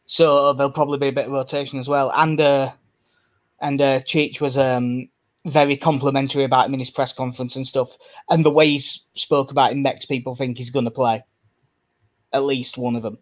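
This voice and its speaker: A man's voice: mid-range voice, flat delivery, fairly quick. Chatty man on a football podcast. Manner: chatty, laughs often, swears casually. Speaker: podcast co-host. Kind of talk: casual football chat.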